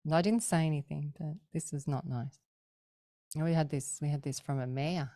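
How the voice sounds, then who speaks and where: A middle-aged woman with a low, mellow voice tells stories as a podcast guest. She talks in a lively, casual way, acts out the people she quotes and laughs often. The sound is dry and close. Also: normal speed, no room sound. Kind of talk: casual storytelling.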